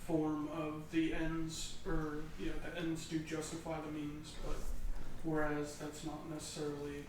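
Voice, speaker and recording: A man's voice: on the high side, completely flat delivery, unhurried. A man in a study group offering a hesitant comment during a casual discussion. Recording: distant, echoey room with faint background noise.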